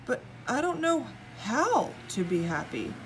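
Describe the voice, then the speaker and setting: Woman doing a high wailing king. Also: big pitch swings, a little slow, background noise. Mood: sobbing. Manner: sobbing, wailing and high-pitched. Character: weepy wailing king, grown man.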